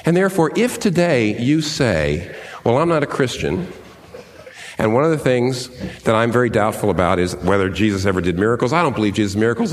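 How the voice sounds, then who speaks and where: A man preaching a sermon, conversational and emphatic, with pitch that swings up and down as he stresses his points. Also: a little hiss or hum. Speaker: pastor.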